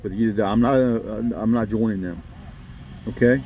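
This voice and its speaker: A man's voice: lowish voice, normal speed, highs cut off, slight background noise. A man ranting straight at his viewers in a blunt, scolding way, often pressing them with "okay?". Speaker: vlogger addressing viewers. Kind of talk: ranting monologue to camera.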